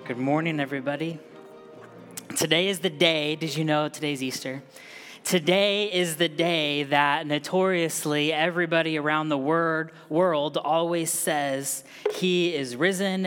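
A man's voice: sits high, fairly bright tone. A man preaches from the pulpit of a church sanctuary in an easy, conversational way, putting question after question to the congregation. The sound carries the long, ringing reverb of a large church hall. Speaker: pastor. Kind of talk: sermon.

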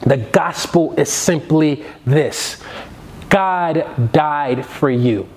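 A man's voice: on the high side, drawn-out words, a little mellow, a little hiss or hum. A man preaching a sermon with an emphatic, repetitive cadence.

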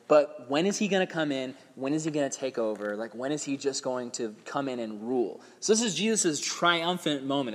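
A man's voice: mid-range voice, big-room sound. A young man giving a casual sermon to a youth group, talking in a laid-back, slangy way with lots of "like" and acting out crowd voices.

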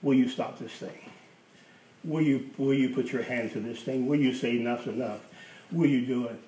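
A man's voice: medium pitch, steady tone, moderate pace, dark tone. A man preaching a sermon as pastor, emphatic, repeating key phrases for effect. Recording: roomy, distant mic with faint hiss.

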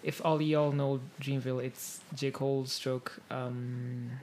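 Low-voiced woman podcast co-host. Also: level tone, takes it slowly, darkish tone, slight background noise. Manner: laughs often, shrieks when amused. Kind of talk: casual chat.

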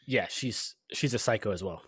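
A man co-hosting a casual podcast who chimes in with short, relaxed remarks. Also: fairly low pitch, moderate pace, breathy edge, no echo, clean studio sound. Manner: laid-back, brief interjections. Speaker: podcast co-host.

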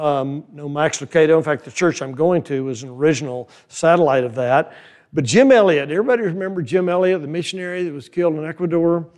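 An older man preaching a sermon in a folksy, animated way, full of rhetorical questions to the crowd. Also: on the high side. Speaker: conference speaker.

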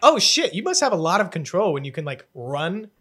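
A young man co-hosting a podcast, talking excitedly and swearing casually. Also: on the high side, brisk. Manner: excitable, swears freely, jokey. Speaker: podcast co-host.

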